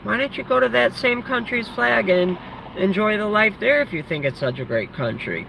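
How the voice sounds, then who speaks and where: Gravelly, high-pitched ranting man. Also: sing-song, normal speed, bright, forceful tone. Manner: angry, profane, rambling with many restarts. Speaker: vlogger. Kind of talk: ranting storytime vlog. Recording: lo-fi with faint background noise.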